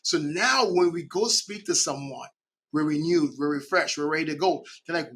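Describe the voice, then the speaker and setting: A middle-aged man from the Caribbean, a podcast guest speaking in an animated way and often checking in with "right?". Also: on the high side, normal speed, slight background noise. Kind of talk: conversational interview.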